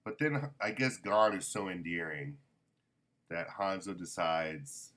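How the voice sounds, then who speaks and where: A man's voice: sits low, expressive, slow pace, fairly bright tone. A man casually reviewing a manga volume, rambling with many ums and self-corrections.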